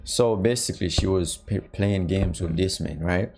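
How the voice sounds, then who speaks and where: Gravelly low-voiced man reacting bluntly. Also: normal speed, darkish tone. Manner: blunt, incredulous, repeats himself. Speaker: reaction channel host. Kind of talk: casual reaction commentary.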